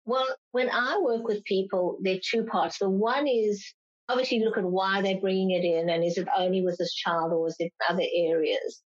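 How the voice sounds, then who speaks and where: A woman's voice: mid-range voice, fairly even intonation, moderate pace. Explaining woman psychologist, slightly lo-fi. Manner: explanatory, acts out parents' complaints in raised voices. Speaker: clinical psychologist guest. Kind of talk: interview answers. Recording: slightly dull lo-fi sound.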